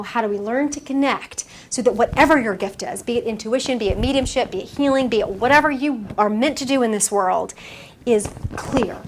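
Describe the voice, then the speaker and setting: A woman with a fairly high voice, working as a medium, delivers a relaxed lecture to a small room audience, acting out dialogue from her stories and laughing a lot. Slight background noise runs under the recording.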